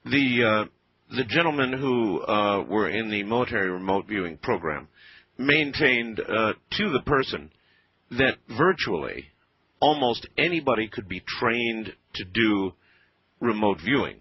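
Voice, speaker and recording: A man interviewing a guest on radio, asking probing questions in a halting way. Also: fairly low pitch, expressive, husky, dry recording. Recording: dull lo-fi radio sound.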